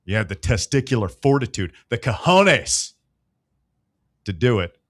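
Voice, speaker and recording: A man's voice: fairly low pitch, fast, darkish tone, dry recording, studio quality. A man hosting a sports radio show, ribbing his co-hosts with hyped-up banter. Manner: teasing, hyped-up needling. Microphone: studio microphone.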